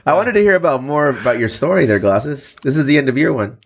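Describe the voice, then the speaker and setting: A man's voice: medium pitch, lively intonation, creaky, husky. A man hosting a casual podcast, teasing his friends and steering the conversation. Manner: teasing, quick, steering the talk. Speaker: podcast host. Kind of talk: casual banter among friends.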